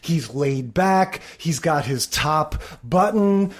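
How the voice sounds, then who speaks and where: A woman's voice: deep voice, animated, slow. A woman co-hosting a podcast in casual chat, laughing often and acting out quotes as she talks. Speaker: podcast co-host.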